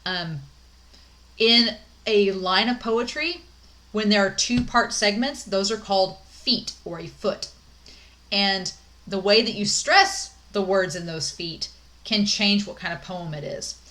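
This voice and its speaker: A woman's voice: medium pitch, slow, sharp tone. A young woman giving a recorded college English lecture, chatty and upbeat with many "um"s and "like"s.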